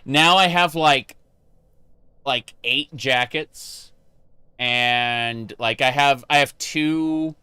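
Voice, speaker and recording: A man chats with his stream audience between moments of gameplay, answering questions as they come in. He speaks slowly with a bright, smooth, clear voice. The sound is close and dry, straight into a desk microphone. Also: mid-range voice, dry recording. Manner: rambling, answers chat questions, frequent fillers and restarts. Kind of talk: casual live-stream chat while gaming.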